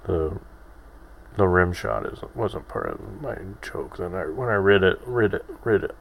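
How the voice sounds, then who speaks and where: Man, 30s, solo podcast host; very deep voice, unhurried, self-deprecating ramble. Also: expressive, creaky. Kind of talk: casual solo podcast monologue.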